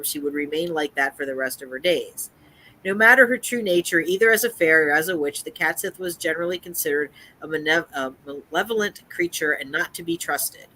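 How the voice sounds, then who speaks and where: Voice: medium pitch, sharp tone, slight background noise, low-quality recording. A live-stream host chatting and reading a folklore article aloud, often restarting phrases. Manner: reads from an article with frequent restarts.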